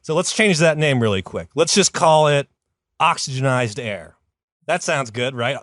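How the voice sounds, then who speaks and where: A man hosting a comedy podcast, telling a story in a rambling, casual way with lots of fillers, and jumping up in pitch when he quotes someone. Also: animated, normal speed, a bit bright, dry recording, studio quality. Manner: rambling, many fillers, jumps high for quoted voices.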